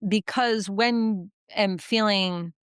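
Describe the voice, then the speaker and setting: A woman's voice: mid-range voice, takes it slowly, smooth, no echo, clean studio sound. A woman hosting a podcast conversation, affirming and emphatic, speaking frankly. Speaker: podcast host, therapist.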